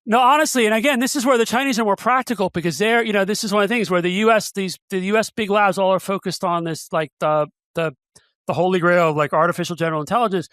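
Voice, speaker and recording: A man's voice: sits high, fast, fairly bright tone, clear, resonant tone, dry recording, studio quality. A middle-aged man as an interview guest, speaking hesitantly and often restarting his sentences. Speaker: guest analyst. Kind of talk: casual interview chat.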